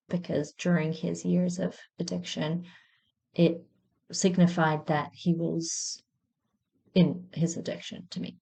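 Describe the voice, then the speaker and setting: A podcast host in her thirties, with a lowish, creaky voice, candidly tells a personal story in a reflective monologue, letting out soft self-mocking laughs. The audio is dull.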